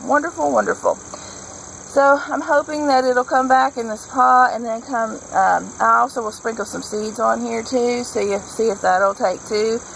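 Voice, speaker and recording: A woman's voice: fairly high pitch, gravelly, a bit bright, slight background noise, rough recording. A woman vlogger chatting casually and enthusiastically while she works on a patio garden, rambling from one thought to the next. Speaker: homesteading vlogger.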